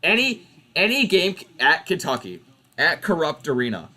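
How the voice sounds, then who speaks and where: A man's voice: a little high, moderate pace. A young man hosting a football watch party, giving casual live commentary and ranting in exasperation at the referees. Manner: animated, exasperated ranting about refs.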